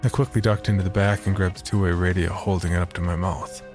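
A man reading a first-person horror story in a measured, low-key scripted narration. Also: level tone, music in the background.

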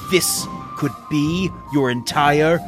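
A man voicing a smooth-talking talent agent with fast salesman patter. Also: on the high side, over music. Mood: persuasive.

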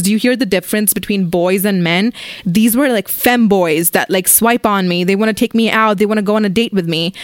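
A young woman hosts her podcast with a blunt, swearing storytime rant, peppered with "like" and quick impressions of her friends. Her voice sits in a middle pitch and sounds close and dry, with no room around it. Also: no room sound. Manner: blunt, profane, lots of "like" fillers, acts out friends' voices. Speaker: podcast host.

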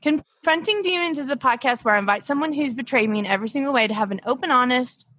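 Over a remote call, a young woman hosts a comedy podcast, doing an improvised bit in a ditzy, scolding manner and frequently cracking herself up. Her voice is high and she talks fast.

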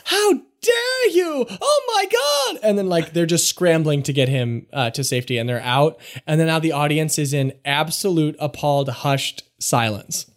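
A man narrating a comedy tabletop game as game master, animated and slipping into loud shouts for characters. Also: fairly high pitch.

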